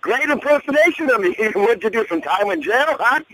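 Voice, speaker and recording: A man's voice: very high-pitched, lively intonation, a little fast, fairly bright tone, a little hiss or hum, voice pushed up, rough recording. A man putting on the voice of a brash veteran male wrestler who teases a kid. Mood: gleeful teasing.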